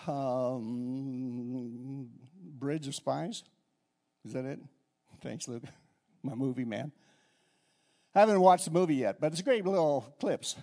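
An older man preaching a sermon as pastor, animated, swinging between soft asides and loud exclamations. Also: medium pitch.

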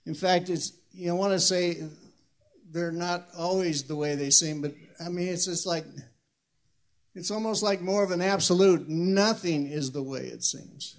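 An older man in his sixties preaching as a pastor, reading scripture slowly and loudly, then talking fast and conversational. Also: high voice, fairly even intonation. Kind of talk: sermon.

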